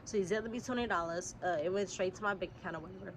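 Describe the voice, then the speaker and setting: A young woman, telling a casual storytime vlog straight to her viewers. She is a little sick and keeps clearing her throat, and her talk is animated and full of swearing. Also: mid-range voice, rapid-fire, noisy background. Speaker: vlogger. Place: outdoors.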